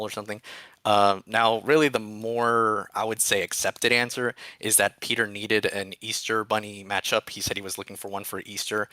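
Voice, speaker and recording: A man with a bright, forward voice and a fairly low pitch explains fandom lore on a stream. He tells it like a story, speeding up in bursts. The sound is dry and close. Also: no echo. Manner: informative, storytelling, quick bursts. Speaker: guest panelist, fandom expert. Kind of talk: casual reaction chat.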